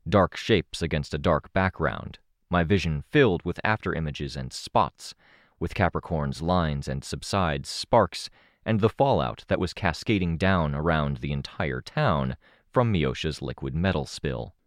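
Deep-voiced man narrating an action story. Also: unhurried, dry recording, studio quality. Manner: steady dramatic storytelling. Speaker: audiobook narrator. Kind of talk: scripted first-person narration.

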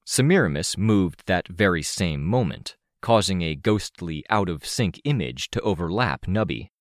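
A man narrating a first-person audiobook in a steady, wry way. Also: deep voice, normal speed, dry recording, studio quality.

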